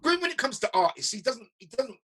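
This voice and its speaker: A man's voice: extremely high pitch, fast talker, husky, low-quality recording. A middle-aged man, telling stories in a casual chat and acting out what people said, often repeating his words. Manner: lively storyteller, acts out quotes, repeats himself. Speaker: interviewer, DJ. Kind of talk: casual conversation.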